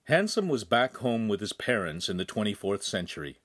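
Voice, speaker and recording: A man reading a novel aloud in a measured, even storytelling manner. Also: on the low side, no echo, studio quality. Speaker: audiobook narrator. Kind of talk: scripted novel narration.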